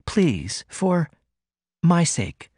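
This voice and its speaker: A man reading an audiobook, voicing a refined young woman who gently scolds in a prim, coaxing manner. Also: a little high, huge pitch swings, very slow, breathy edge, no echo, studio quality, pitched above the performer's own voice, heavily acted. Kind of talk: audiobook character voice.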